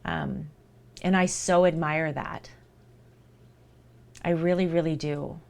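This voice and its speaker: Woman streamer, casual chat, slightly low voice, talks between bites. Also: big pitch swings, slow, a little mellow. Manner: chatty, talks to chat while eating. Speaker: livestreamer.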